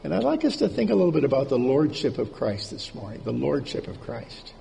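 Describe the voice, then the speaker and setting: A man's voice: mid-range voice, big pitch swings, a little fast, gravelly, warm tone. A man preaching a conversational sermon in an informal way, repeating key words for emphasis, heard in a reverberant hall with faint background noise.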